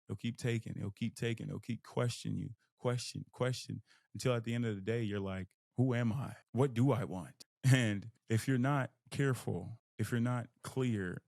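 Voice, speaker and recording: A man hosting a podcast, giving a casual motivational monologue in an animated way, jumping into a high excited voice and laughing at himself. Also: no echo, clean studio sound. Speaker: podcast host.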